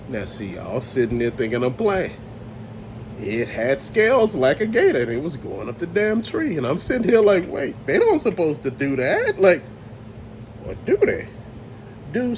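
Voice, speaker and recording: A man's voice: a little high, darkish tone, slight background noise. A man telling a creepy story in a casual, profane way, acting out sounds and other people's voices. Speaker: storyteller host.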